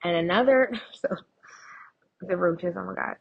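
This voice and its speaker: A young woman shares her life story as a guest on an interview show. Her voice is low-set and husky, and she tells it expressively, voicing the people she quotes. The recording sounds dull and muffled. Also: measured pace. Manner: animated retelling with quoted voices and laughs.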